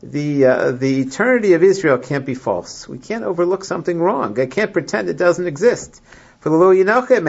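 A man with a fairly high voice teaches a Bible class to a small group. He reads each verse, then explains it with frequent restarts and fillers. The recording is muffled and lo-fi. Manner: halting, many restarts, reads Hebrew verses then translates. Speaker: Torah teacher.

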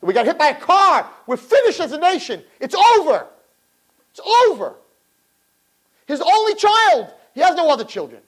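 A man giving an impassioned sermon to girls, swinging from low murmurs to high shouts and acting out dialogue. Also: sing-song, moderate pace, poor audio. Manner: acts out dialogue in character voices. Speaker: religious teacher.

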